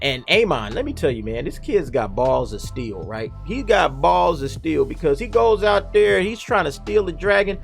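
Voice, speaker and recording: A man giving a casual, animated spoken review of a TV episode, now and then acting out the characters' lines. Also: on the high side, moderate pace, vocal fry, hardly any pauses, faint music behind.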